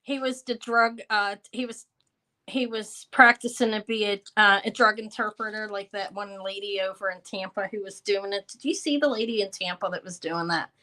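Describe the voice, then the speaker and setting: In this casual live-stream sales chat, a woman in her 50s sells jewelry, rambling between items and thanking and answering her viewers. Her mid-range voice is pushed and bright, with a steady tone and normal speed.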